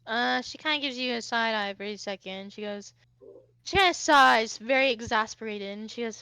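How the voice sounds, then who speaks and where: A woman's voice: high voice, normal speed, pushed and bright, clean tone, no echo. A woman narrating a tabletop game as game master, casual and full of fillers. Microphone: streaming mic.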